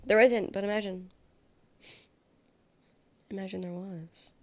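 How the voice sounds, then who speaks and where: A woman's voice: medium pitch, steady tone, slow pace, a little mellow. A young adult woman live-streaming in a casual chat, reading her chat aloud and reacting bluntly, swearing freely. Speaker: livestreamer.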